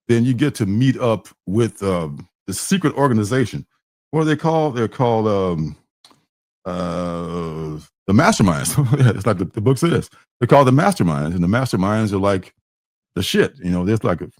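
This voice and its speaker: A man's voice: fairly low pitch, darkish tone, no room sound, studio quality. A man hosting a comic book livestream, chatting casually and rambling with fillers and restarts, sometimes acting out characters' lines.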